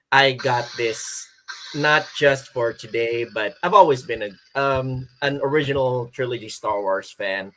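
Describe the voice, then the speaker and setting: Bright-voiced man on a video call. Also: medium pitch, a little hiss or hum, low-quality recording. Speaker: panelist. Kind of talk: casual livestream chat. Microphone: video call mic.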